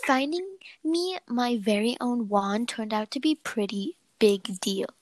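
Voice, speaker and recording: A woman's voice: on the high side, measured pace, no echo, rough recording. Giggly young woman reading a story aloud. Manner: giggly, playful, breaks off to laugh. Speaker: story reader.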